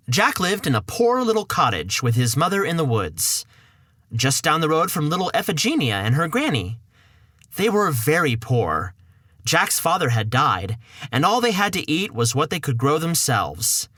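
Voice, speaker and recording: A man's voice: fairly high pitch, big pitch swings, unhurried, pushed and bright, no room sound, clean studio sound. A man narrating a fairy tale in a chatty, playful way for a storybook podcast.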